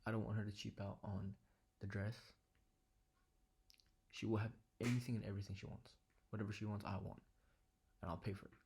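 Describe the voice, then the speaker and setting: A young man talking quietly and earnestly in a personal vlog from his living room, sometimes dropping to a whisper. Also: on the low side, breathy edge. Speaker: vlogger.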